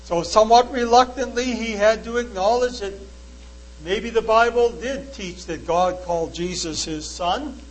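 A man's voice: sits high, a little slow, rough recording. A man preaching in sermon style, earnestly recounting a debate and reading old-fashioned scripture verses aloud with emphasis.

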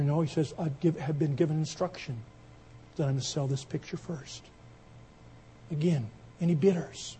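A man preaching a sermon, telling an illustration story and building it into loud, emphatic appeals. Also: fairly high pitch, steady tone, normal speed, breathy edge.

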